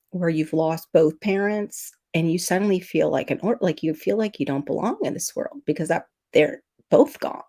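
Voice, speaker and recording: Middle-aged woman host, low gravelly voice, casual teary livestream chat. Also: mellow. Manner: emotional, tearful storytelling, sniffling. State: teary, sniffling.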